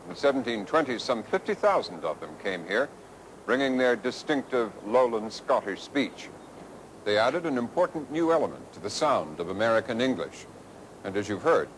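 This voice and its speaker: A man giving scripted narration for a documentary in a measured, expressive way. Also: on the low side, low-quality recording. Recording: archival 1980s documentary with noise.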